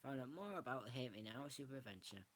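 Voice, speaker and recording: A man's voice: medium pitch, expressive, fast talker, slight background noise. A man, casually showing a book on camera and rambling through it with frequent restarts. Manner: rambling, restarts often, self-correcting. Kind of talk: casual show-and-tell.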